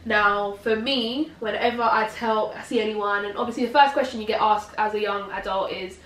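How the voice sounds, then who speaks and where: A nineteen-year-old woman, chatting casually to camera as a vlog co-host and telling her story in a relaxed way. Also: mid-range voice, normal speed. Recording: roomy, distant mic, faint noise.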